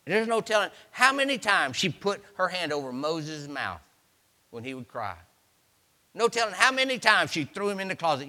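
High bright voiced guy preaching, swoops all over, storytelling sermon style. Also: normal speed, big-room sound. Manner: animated storytelling preacher, exclaiming hallelujah.

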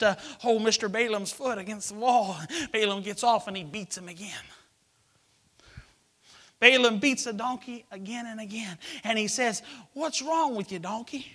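A man delivers a sermon, performing a story with different character voices and swinging from shouted lines to hushed whispers. His voice sits high.

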